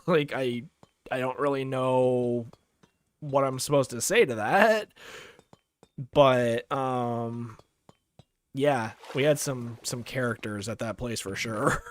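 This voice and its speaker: A young man streaming a game, casually telling rambling stories full of fillers. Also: medium pitch. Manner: rambling, filler-heavy, chuckling. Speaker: gaming streamer. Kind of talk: casual storytelling while gaming.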